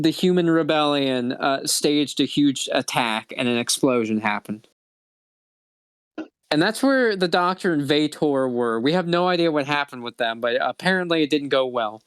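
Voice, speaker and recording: A man acts as game master, loosely recapping the last session and then narrating the next scene. His voice is smooth and resonant, and the recording is dry and close. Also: fairly high pitch, fairly bright tone, no echo. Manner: laughing, halting, loose storytelling.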